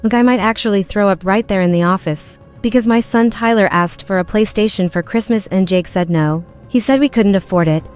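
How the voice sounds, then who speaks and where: A woman's voice: medium pitch, a little fast, hardly any pauses, smooth. A woman telling a personal story in the first person, in a plain, run-on retelling style, with faint music behind.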